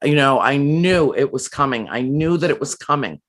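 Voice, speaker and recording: A woman guest telling a personal story in an earnest, emotional way, often pausing and restarting her sentences. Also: a bass voice, expressive. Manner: emotional, halting with frequent restarts and fillers.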